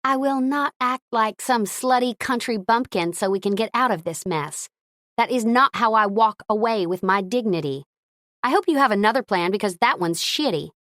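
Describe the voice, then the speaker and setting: A woman's voice: a little high, lively intonation, normal speed, a bit bright, dry recording, studio quality, voice pushed up. A woman voicing a prim young woman with a fiery temper. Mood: indignant. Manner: indignant, flustered.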